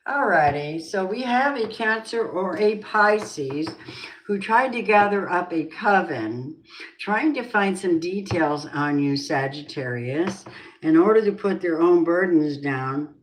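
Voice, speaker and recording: A low-voiced woman reads tarot cards and muses aloud. She asks the cards and spirit questions as she goes. The sound is roomy with a faint hiss. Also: expressive, measured pace. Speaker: tarot reader. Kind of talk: tarot card reading. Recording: roomy echo.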